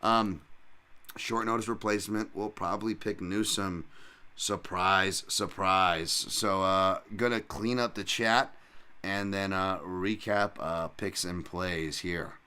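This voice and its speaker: A man with a fairly low voice hosts his own combat-sports podcast. He rambles through betting picks in casual, profane, self-mocking chatter. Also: steady tone, measured pace, sharp tone, smooth. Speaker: podcast host and fight analyst. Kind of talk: casual solo podcast talk.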